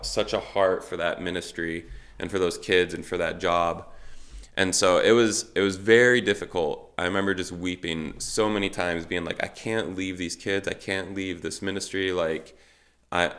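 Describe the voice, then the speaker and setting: A man in his thirties, a missionary, telling his life story casually and acting out the conversations with lots of fillers. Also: sits low. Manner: animated storytelling, acts out quoted dialogue with many fillers. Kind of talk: casual personal testimony.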